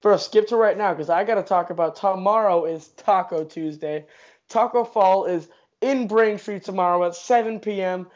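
A man's voice: high-pitched, normal speed, darkish tone. A man, co-hosting a casual podcast with hyped, joking banter. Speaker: podcast co-host. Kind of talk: casual chat. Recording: dull lo-fi recording.

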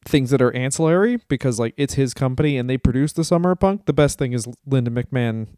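Man, podcast co-host, mellow smooth voice, tired, rambling, profane, casual chat. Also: medium pitch, fast, no echo, clean studio sound. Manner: profane, rambling, laughs often.

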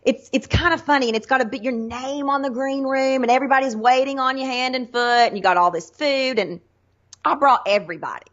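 Woman, Southern accent, middle-aged, animated storyteller, muffled low-fi audio. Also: fairly quick. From Tennessee. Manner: animated storytelling, acts out quotes. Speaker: guest, sales trainer. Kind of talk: casual interview chat.

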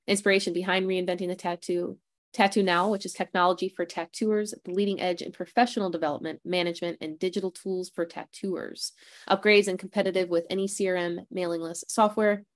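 A woman's voice: mid-range voice, no room sound. A woman hosting a podcast on a video call, chatting and reading out announcements in a rambling, casual way. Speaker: podcast host.

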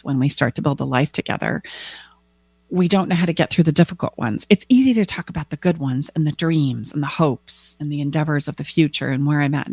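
A lively woman teaching about relationships, her pitch swinging wide as she acts out little conversations. Her voice sits fairly low, and the sound is dry and close with no room echo. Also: creaky. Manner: animated, acts out quoted dialogue with big pitch jumps. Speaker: relationship coach. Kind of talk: teaching talk with acted examples.

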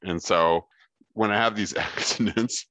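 A man's voice: on the low side, measured pace, a bit bright, no room sound. A man, a guitarist guest, talking in a rambling, joking, profane way over a remote call with a dull lo-fi sound. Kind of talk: casual interview chat.

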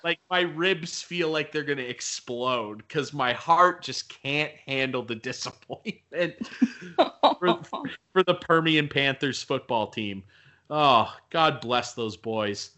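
A man co-hosting a casual chat, animated and jokey, poking fun at himself. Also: mid-range voice, takes it slowly. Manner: animated, jokey, self-deprecating. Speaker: co-host.

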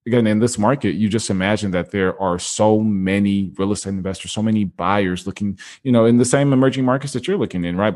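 A man's voice: low voice, darkish tone. A man hosting an interview, reacting with enthusiasm and asking long rambling questions. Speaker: podcast host.

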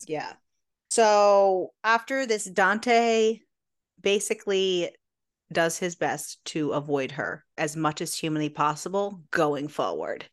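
Woman podcast cohost, lowish smooth voice, talks real slow and easy. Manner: measured summarizing, drawn-out words. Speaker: podcast co-host. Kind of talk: casual book discussion.

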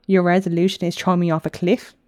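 A woman reading a wary, shouting young man. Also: lowish voice, level tone, fast talker, dry recording, clean studio sound, close to an everyday voice. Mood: angry, distrustful. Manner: loud, demanding questions. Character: wary, distrustful young man, hot-tempered.

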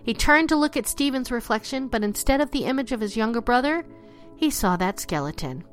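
Female storyteller, bright higher voice, animated and dramatic, dipping low for the spooky lines. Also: soft background music. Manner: expressive, drops low and slows for spooky lines. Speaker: narrator.

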